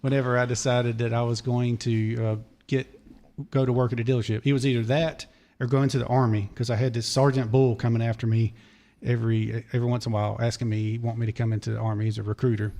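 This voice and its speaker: A man, a podcast guest telling a long, digressive story in a hoarse voice because he is losing it. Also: medium pitch, little pitch movement, fast talker, mellow. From Charlotte area, North Carolina. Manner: digressive, detail-heavy storyteller. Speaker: podcast guest, former race mechanic. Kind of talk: long rambling story told in casual chat.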